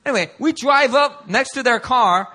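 A male pastor telling a personal story in a sermon, animated and conversational, often laughing. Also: very high voice, normal speed. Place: church service before a congregation.

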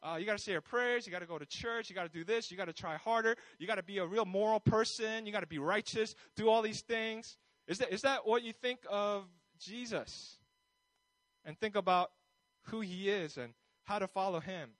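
Pastor, man, high-pitched, delivers a casual sermon and acts out the people he quotes, dry recording. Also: fairly quick, a bit bright, dry recording, poor audio. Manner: conversational, many fillers, acts out quoted voices.

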